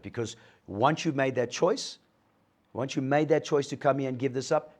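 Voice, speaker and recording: A middle-aged man with a medium-pitched, darkish voice gives a motivational talk to an audience at a moderate pace. As a guest speaker, he shares his recovery story and acts out the dialogue.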